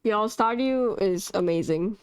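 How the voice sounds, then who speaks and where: Woman, casual gamer story, swearing and laughing, smooth voice, dry close sound. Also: medium pitch, measured pace, dry recording. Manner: animated, swearing, laughing, many restarts. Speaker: gamer vlogger. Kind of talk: casual storytelling about a game.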